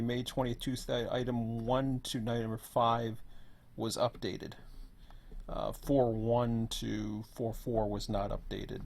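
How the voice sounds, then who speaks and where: A hoarse man who is losing his voice gives a rambling, offhand walkthrough as host of an online server. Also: mid-range voice. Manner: rambling, offhand, says "blah, blah, blah". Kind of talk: casual screen walkthrough.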